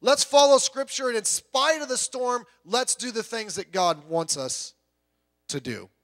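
Bright-voiced, folksy male preacher. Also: very high voice, a little slow. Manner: folksy, joking, conversational preaching. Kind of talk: sermon.

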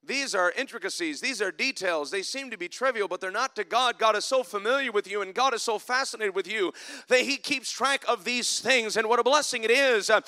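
A man preaching a sermon in church, climbing to loud emphatic passages and dropping to soft, reflective asides. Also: sits high, brisk. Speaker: pastor.

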